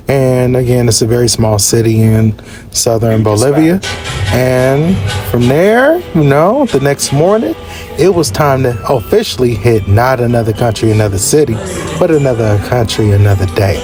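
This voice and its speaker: A man casually narrating his own travel vlog, slangy and animated, his voice jumping up in surprise. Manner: animated, slangy storyteller with big pitch jumps. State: short of breath at altitude. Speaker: travel vlogger.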